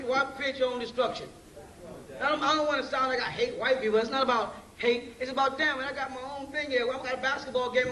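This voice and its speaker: A man with a very high voice lectures a live audience in loose street slang, stopping again and again to ask if they follow. He sounds far from the microphone, in a roomy, echoing hall. A faint hiss sits under the old tape recording. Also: a bit bright. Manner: casual, slangy, keeps checking with the audience.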